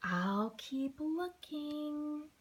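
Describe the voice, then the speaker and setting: A woman's voice: high-pitched, expressive, very slow, exaggerated voice. A woman voicing a lost little girl penguin chick who asks politely and plaintively for help.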